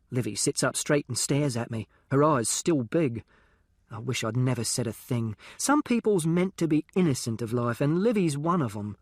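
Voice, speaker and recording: A man's voice: mid-range voice, lively intonation, moderate pace, darkish tone, no room sound, studio quality. A man narrating an audiobook in the first person, in a plain, working-class dialect voice.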